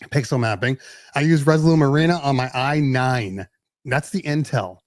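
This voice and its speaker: A podcast host chats casually about tech, often restarting as he explains things. His voice sits in the mid-range and moves at a moderate pace. The recording is dry and clean, with a studio sound.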